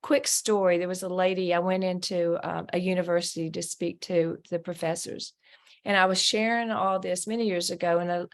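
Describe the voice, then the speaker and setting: A middle-aged woman talks earnestly in an interview about her work and faith. She tells her story with animated emphasis, as if recounting it to a friend, over what sounds like a video call. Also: on the low side, moderate pace. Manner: earnest, animated storyteller who acts out quoted voices. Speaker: guest, ministry founder.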